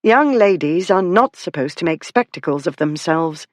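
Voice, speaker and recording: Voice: mid-range voice, lively intonation, normal speed, no room sound, studio quality, natural voice. A narrator voicing a witty, outspoken young lady who speaks frankly. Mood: amused.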